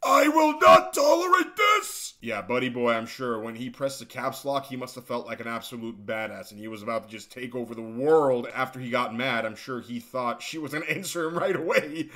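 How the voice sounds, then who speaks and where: A man's voice: mid-range voice, fairly even intonation, a little fast, few pauses, a bit bright. A young man giving sarcastic, mocking reaction commentary for an online video. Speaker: commentary youtuber.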